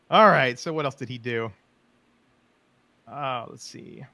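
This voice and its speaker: A man's voice: mid-range voice, gravelly, no room sound. Man telling game stories, dry mic. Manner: animated, laughing, acts out quotes. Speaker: podcast host. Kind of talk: casual storytelling chat.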